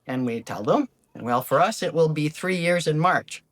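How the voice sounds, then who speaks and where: An older woman talks alone as a life coach, her low voice swinging widely in pitch. She is gentle and animated, and often slips into little acted-out quotes of questions people ask. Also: normal speed. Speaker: podcast host, life coach. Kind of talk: reflective solo talk. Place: lives abroad in Ecuador.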